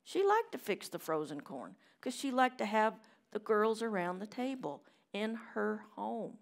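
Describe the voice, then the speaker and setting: A middle-aged woman preaching a sermon in a church chapel, telling stories with loud emphasis and hushed asides. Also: mid-range voice, sing-song, measured pace, gravelly.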